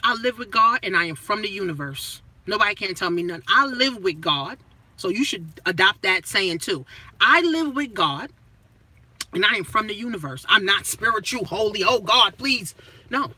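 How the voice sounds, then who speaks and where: Woman money coach, motivational rant, profane and emphatic, bright and husky. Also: mid-range voice, a little fast, low-quality recording. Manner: blunt and profane, with repeated rhetorical questions; punchy, emphatic phrasing that swings between loud and hushed.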